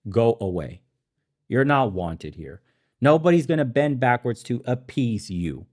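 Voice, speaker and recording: A male podcaster in the Balkans, an immigrant to America, speaks a little slowly in a medium-pitched, slightly mellow voice that swings widely in pitch. His profane ranting commentary features heavy swearing and heated eruptions, with him laughing at himself from time to time.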